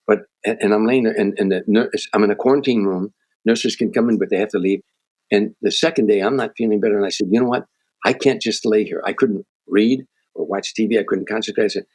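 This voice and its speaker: This man, on the low side and slightly rough in voice, is a guest comedian on a podcast. He trades stories and earnest motivational advice in interview style, restarting sentences often.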